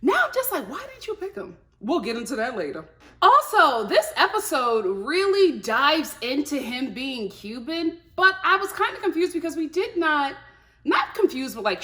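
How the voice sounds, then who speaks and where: A woman vlogger chatting casually about a reality show, animated and laughing, slipping into playful mock voices. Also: high-pitched, normal speed. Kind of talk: casual review chat.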